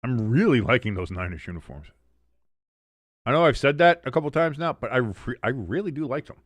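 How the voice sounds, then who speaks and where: A man's voice: medium pitch, big pitch swings, brisk, no echo. A man hosting a live sports watch-along, calling plays in a casual, joking way and chatting with viewers. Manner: joking, chatty, reads out chat messages. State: wired on coffee. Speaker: watch-along stream host. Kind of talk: casual live play-by-play commentary.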